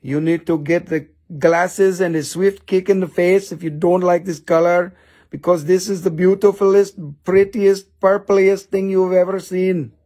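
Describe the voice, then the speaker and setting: A man putting on a gravelly pushy gem hawker. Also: high voice, fairly even intonation, normal speed, few pauses, darkish tone, pitched above the performer's own voice. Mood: hamming pushy. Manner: hard-selling, comic broken English. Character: pushy broken-English male gem salesman.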